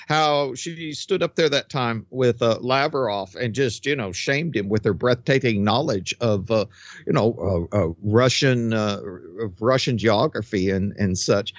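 A man's voice: mid-range voice, measured pace, no echo. Sarcastic man, dull dry sound. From United States. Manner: mocking, sarcastic, laughs at his own jokes. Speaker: political commentator. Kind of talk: sarcastic political commentary.

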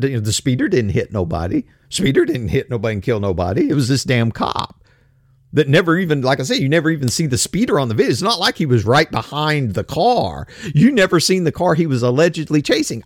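Blunt, animated ranting man. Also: mid-range voice, fairly quick, dry recording, clean studio sound. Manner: blunt, profane, sarcastic. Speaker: commentator. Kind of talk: opinion commentary rant.

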